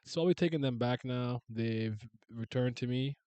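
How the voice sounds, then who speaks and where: A man voicing a calm, unflappable adult male manga artist, reading the manga's lines aloud in a matter-of-fact way. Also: mid-range voice, normal speed, no room sound, pitched below the performer's own voice, natural voice. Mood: cool. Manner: cool, matter-of-fact, composed.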